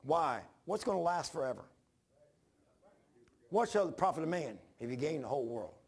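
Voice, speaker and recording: Preacher, man, gravelly and husky, rambling self-mocking storyteller. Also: fairly high pitch, big pitch swings, moderate pace. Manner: rambling, self-deprecating, restarts often. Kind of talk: informal storytelling sermon.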